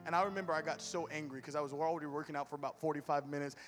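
A man's voice: on the high side, steady tone, racing, big-room sound, faint music behind. A man preaching a sermon with humor, telling stories animatedly to his church. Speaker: pastor. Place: church hall with music.

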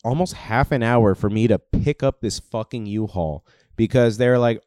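A man's voice: on the low side, moderate pace, no echo, studio quality. A man casually telling a story among friends, swearing and acting out the people he quotes. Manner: animated, swearing, acts out quoted voices.

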